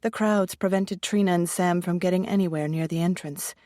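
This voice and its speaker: A woman reading a thriller audiobook in an even, measured storytelling voice. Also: lowish voice, no room sound, clean studio sound. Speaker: audiobook narrator. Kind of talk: scripted narration.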